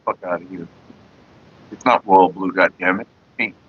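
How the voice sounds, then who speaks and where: A man's voice: deep voice, fairly even intonation, moderate pace, husky, muffled recording. A man vlogging casually, rambling in profane, mock-exasperated rants. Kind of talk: casual smoking-session vlog.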